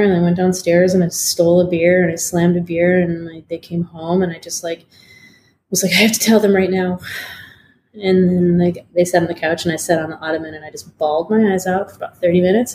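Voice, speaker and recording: A woman in her forties, from Detroit, tells her story as an interview guest in a frank, profane way, with many fillers. Her voice sits a bit low and sounds mellow and dark. A faint hiss runs under the recording.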